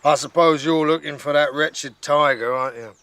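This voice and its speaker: A man voicing a grumpy, lonely male polar bear with a gruff, grisly voice. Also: on the high side, moderate pace, a bit bright, dry recording, pitched above the performer's own voice, close to an everyday voice.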